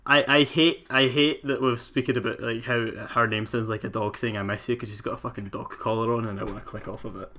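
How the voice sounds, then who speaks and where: A man's voice: medium pitch, steady tone, quick pace, hardly any pauses, pushed and bright, slight background noise. A man co-hosting a podcast, joking, laughing and repeating his words in casual chat. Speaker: podcast co-host.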